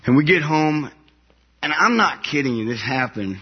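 Soldier telling his story to an audience: an animated, laughing man with a husky voice, recorded a little muffled. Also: on the high side, moderate pace.

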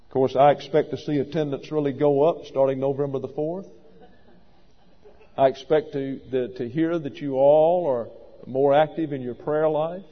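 With a fairly high pitch and fairly even intonation, this pastor preaches at normal speed in an emphatic, wry style, sometimes stopping to correct himself. The recording is lo-fi and echoes as in a reverberant hall.

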